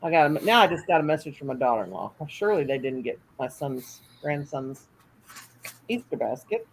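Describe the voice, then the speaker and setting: A woman's voice: low-pitched, sing-song, brisk, a little hiss or hum, rough recording. An older woman hosting a casual livestream at home, chatty and folksy, reading comments aloud and laughing often. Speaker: livestream host.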